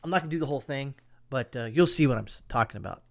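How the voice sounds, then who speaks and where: A man's voice: mid-range voice, animated, very fast, creaky. A man hosting a political commentary show, talking in an emphatic, sarcastic rant. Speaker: commentary channel host.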